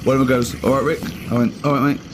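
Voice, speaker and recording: A man's voice: medium pitch, flat delivery, fast, background noise. A man co-hosting a comedy podcast, telling anecdotes and teasing with dry sarcasm. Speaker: co-host.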